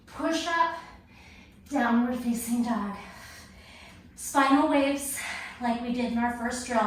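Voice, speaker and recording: Breathless woman fitness instructor cueing moves. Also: high-pitched. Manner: short, clipped exercise cues. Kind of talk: workout class cueing. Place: home workout space. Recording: echoey room from far off, faint noise.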